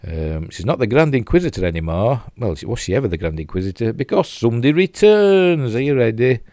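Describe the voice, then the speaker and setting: A man's voice: medium pitch, sing-song, fairly quick, dark tone, no room sound. An older man with a Yorkshire accent casually reviewing a TV episode, rambling with fillers and self-mocking asides while he replays clips. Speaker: TV show reviewer.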